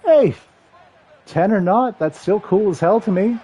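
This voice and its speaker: A man in his thirties streaming a football video game, calling the plays and chatting with viewers in a rambling, excitable way. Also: high voice, moderate pace, husky. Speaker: livestream gamer and commentator. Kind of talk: casual play-by-play chat with chat.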